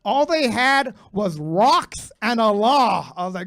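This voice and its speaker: A man's voice: high voice, sing-song, takes it slowly, vocal fry, a bit bright. A man in his thirties doing a profane stand-up comedy set, bantering brashly with the crowd. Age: 30s. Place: comedy club stage with live audience.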